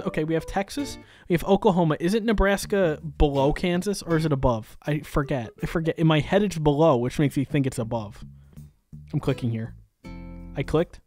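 A woman from New York giving excited gaming commentary, exclaiming often and talking straight to her viewers. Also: low-pitched, a little fast, soft background music. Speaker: gaming creator.

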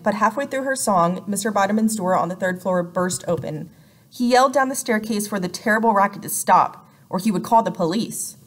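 A woman narrating a children's novel as an audiobook, in a clear, gently expressive way. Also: mid-range voice. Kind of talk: scripted narration.

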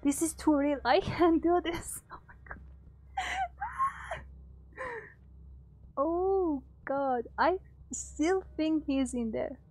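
A woman's voice: high-pitched, slow pace, darkish tone. A young woman giving nervous, gasping commentary while playing a horror game. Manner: frightened, gasping, nervous laughter. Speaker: gamer streamer.

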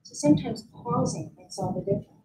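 A woman teaching a mindfulness practice at a conference, guiding listeners calmly and gently with frequent pauses. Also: fairly high pitch, noisy background. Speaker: mindfulness instructor. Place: conference room.

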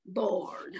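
A woman's voice: medium pitch, dull audio, slight background noise. A woman reading a children's picture book aloud, acting out each emotion playfully for young kids. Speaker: children's storyteller.

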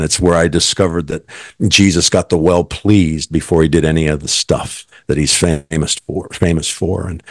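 A man's voice: sits low, no echo, studio quality. A middle-aged man, a guest, earnestly telling his personal faith story and quoting what others said.

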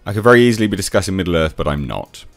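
A man's voice: low-pitched, very animated, racing, vocal fry, no room sound, soft background music. A man giving a sarcastic, exasperated commentary rant as a reviewer. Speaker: YouTube reviewer. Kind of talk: ranting commentary.

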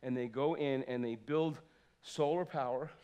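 A man in his fifties preaching a sermon in a church, swinging from loud exclamations to soft asides. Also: medium pitch, moderate pace, clean tone, muffled recording. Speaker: pastor. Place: church sanctuary.

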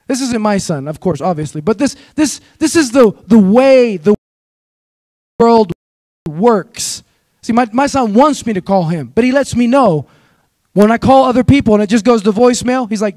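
A high-voiced pastor delivers an expressive sermon at a moderate pace, exhorting the congregation in call-and-response and telling stories that rise to shouted peaks. The sound is dry, with no echo.

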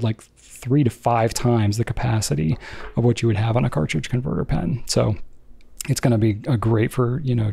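Gravelly-voiced man co-hosting casually. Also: medium pitch. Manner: relaxed, joking, many fillers. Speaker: podcast co-host. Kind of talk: casual chat.

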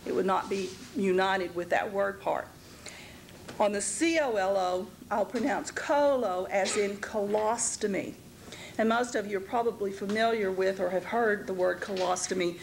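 Woman teacher, slow and careful, spells letters out, clears throat often, mid voice, faint hiss. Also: mid-range voice, poor audio. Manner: frequent throat-clearing and filler pauses. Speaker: anatomy instructor. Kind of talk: recorded lecture. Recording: faint background noise, archival lecture tape.

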